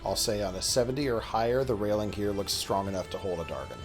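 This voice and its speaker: A man's voice: lowish voice, lively intonation, fast, music in the background. A man running a tabletop game as game master, narrating with a wry touch. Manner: descriptive, wry.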